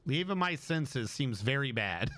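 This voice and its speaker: A man's voice: mid-range voice, big pitch swings, a little slow, fairly bright tone. A man streaming a game live, talking through his play and venting at it with heavy swearing. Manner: profane, exasperated venting. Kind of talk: live-stream gameplay commentary.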